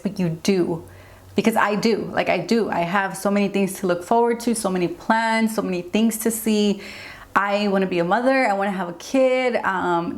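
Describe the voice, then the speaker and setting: A young woman speaks to her audience in a get-ready-with-me vlog. She sounds earnest and open. Her speech rambles, with frequent "like"s and unplanned turns. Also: mid-range voice. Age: young adult. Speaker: beauty vlogger.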